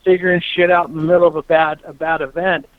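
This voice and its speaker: A man hosting a casual chat, telling animated stories and swearing freely. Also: fairly high pitch, fast talker, phone-quality sound, a crowd in the background. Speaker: podcast host, former racer.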